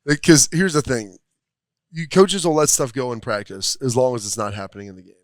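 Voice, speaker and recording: A man's voice: mid-range voice, fairly quick, no room sound. A man who used to play, now an analyst, explaining football in a folksy way with examples. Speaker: former player, analyst. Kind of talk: casual sports talk. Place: restaurant, live show.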